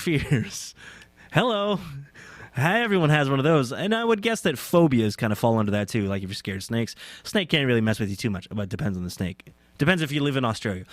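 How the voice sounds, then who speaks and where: A young man talks alone in a casual, rambling way, pausing often with "uh" and poking fun at himself. His voice sits at an ordinary pitch for a man. The sound is close and dry, with almost no room echo. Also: sing-song. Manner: rambling, self-deprecating, many fillers. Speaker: podcast host. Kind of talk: casual solo talk. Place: indoors, on a couch.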